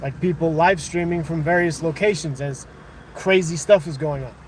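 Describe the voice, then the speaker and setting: A male streamer talks loosely with his viewers, reading their comments and pushing back on them. His voice sits a little high for a man. A faint hum of ambience and passing traffic lies under the recording. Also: normal speed. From United States. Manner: conversational, argumentative with chat, thinking aloud. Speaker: livestream host. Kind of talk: casual livestream chat reading viewer comments.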